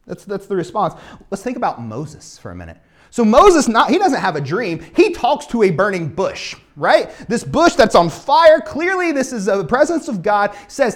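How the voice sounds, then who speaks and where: Male pastor, casual animated sermon delivery, playful character asides. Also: sits high, moderate pace. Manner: animated storytelling, acts out biblical characters casually.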